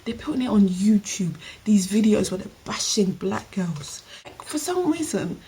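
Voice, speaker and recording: A woman speaks directly to her viewers in an emphatic opinion vlog. Her pitch sits mid-range for a woman. A faint hiss runs under her voice. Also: big pitch swings, moderate pace, dark tone. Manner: emphatic, talks straight to the viewer. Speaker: vlogger.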